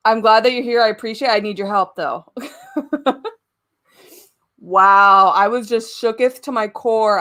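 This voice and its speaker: A woman's voice: on the high side, a bit bright. A young woman hosting a casual live stream from home, chatting to viewers, giggling often and swearing casually. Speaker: YouTube live-stream host.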